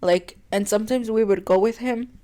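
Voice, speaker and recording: A woman's voice: medium pitch, normal speed. A young woman, co-hosting a podcast and telling a personal story in a chatty way, full of "like" fillers and frequent laughs. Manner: chatty, heavy "like" fillers, laughs often between words; earnest and open, turning quiet on painful parts. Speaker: podcast co-host.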